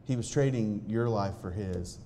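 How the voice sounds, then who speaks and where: A man tells his own story to an audience. His voice sits low and warm. He talks earnestly and haltingly, restarting sentences, and a faint noise floor hums beneath the recording. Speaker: speaker sharing a personal testimony.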